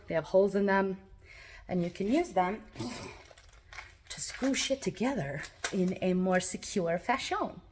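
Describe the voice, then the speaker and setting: A woman's voice: mid-range voice, a little mellow, a little hiss or hum. Chatty rambling woman vlogging outdoors. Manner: chatty, rambling, swears casually. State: a little out of breath. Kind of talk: casual vlog narration while gardening. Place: outdoors in a yard and garage.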